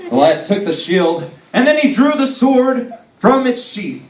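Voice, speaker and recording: A man's voice: extremely high pitch, very animated, unhurried. Playful man co-narrating a kids' skit. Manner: playful, with joking asides to the kids. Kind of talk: animated Bible story narration for children. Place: church hall with children. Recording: echoey hall, far mic, loud crowd and noise.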